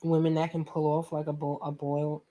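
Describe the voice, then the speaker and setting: A woman's voice: deep voice, completely flat delivery, fairly quick, dark tone. A woman with a New York accent hosting a painting tutorial, chatty and playful, talking to viewers like friends. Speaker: art tutorial host. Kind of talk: casual painting tutorial chat.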